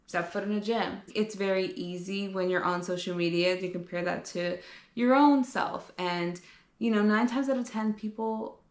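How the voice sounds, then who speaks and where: In an echoey room, a young fitness coach and vlogger talks about her journey in a mid-range voice at a normal speed. It's a reflective, personal vlog delivered candidly and earnestly, loose and casual, full of fillers and some swearing.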